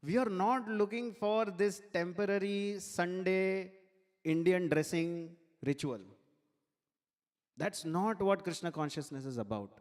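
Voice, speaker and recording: A man giving a devotional sermon at a temple, telling a sacred story in an animated way and laughing along with it. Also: high voice, measured pace. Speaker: temple speaker. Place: temple hall. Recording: long hall reverb.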